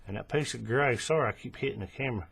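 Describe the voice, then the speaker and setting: Seated at a table close to the camera and recorded on its built-in mic, a man hosts a hands-on crafting tutorial, calmly explaining each step, checking in with the viewer and correcting himself along the way. His medium-pitched voice is gravelly and husky, and he talks fast.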